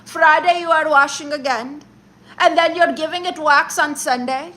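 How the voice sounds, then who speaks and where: A woman's voice: high voice, moderate pace, bright, forceful tone. A woman playing a bossy male podcast host who mocks and lectures men about their hobbies on a comedy livestream. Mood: scolding. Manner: mocking, exasperated, lecturing.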